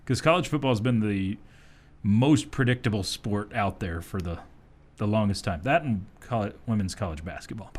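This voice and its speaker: A man hosting a sports talk radio show in a studio, speaking casually and often chuckling as he talks. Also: fairly low pitch. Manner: easygoing, chuckles often while talking.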